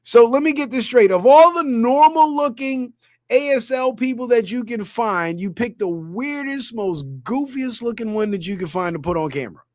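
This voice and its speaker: A man's voice: extremely high pitch, expressive, normal speed, dry recording, studio quality. Crude, mocking male commentary host. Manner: crude, mocking, laughs at his own jokes. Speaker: channel host. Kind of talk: ranting comedy commentary.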